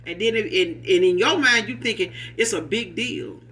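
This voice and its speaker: A man's voice: sits high, normal speed, sharp tone. A man giving a casual, rambling tarot reading, talking in a loose, profane, street-casual way. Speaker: tarot reader.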